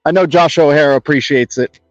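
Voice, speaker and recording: A man's voice: a little high, fairly quick, no room sound. A man hosting a casual crypto livestream, rambling upbeat and greeting viewers by name, on an external mic plugged into a phone. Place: home setup in Los Angeles. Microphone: external mic on a phone stream. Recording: dull lo-fi phone stream with music.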